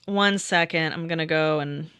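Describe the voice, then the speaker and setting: A woman's voice: sits low, moderate pace, a bit bright, clean tone, no echo, clean studio sound. A woman streamer telling a casual, rambling story, full of asides and swearing. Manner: rambling, profane, with lots of asides.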